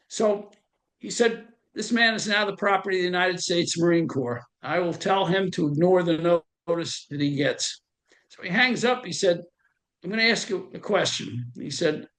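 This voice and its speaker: A man's voice: sits high, normal speed, fairly bright tone. Older man telling his war story. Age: 70s. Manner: conversational, acts out the voices of people he quotes. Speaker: veteran interviewee. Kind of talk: oral history storytelling.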